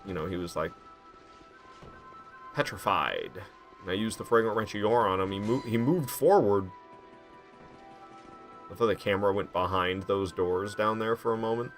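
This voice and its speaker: A man giving casual, excitable commentary while playing a video game, slangy and quick to mock himself. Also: fairly low pitch. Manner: excitable, self-mocking, slangy. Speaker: gaming commentator.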